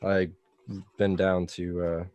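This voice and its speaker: A man's voice: low-pitched, level tone, slow, a little mellow, muffled recording, a little hiss or hum. A man playing a tabletop game, asking questions in a hesitant way. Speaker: player.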